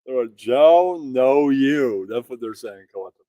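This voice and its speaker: A man's voice: mid-range voice, animated, moderate pace, warm tone, dry recording. A man hosting casual banter, riffing crudely and mockingly.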